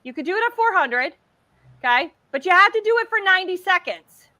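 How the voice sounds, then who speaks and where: A middle-aged woman hosting a casual craft livestream, chatty and excitable as she demonstrates while talking. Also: extremely high pitch, fairly quick, dry recording.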